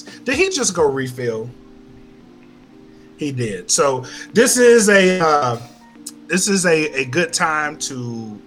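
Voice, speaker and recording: A man with a Louisiana accent rants on a casual podcast, cussing hard and repeating himself for emphasis. His voice sits a bit high and sounds bright and forceful. It swings widely in pitch as he talks. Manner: profane, emphatic ranting with many repeats. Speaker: podcast co-host.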